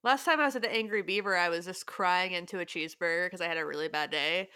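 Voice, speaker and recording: Woman host, 30s, bright and forceful, laughs easily, dry close mic. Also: on the low side, clean tone, no room sound. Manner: laughing, chatty, quick asides. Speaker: podcast host. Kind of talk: casual chat.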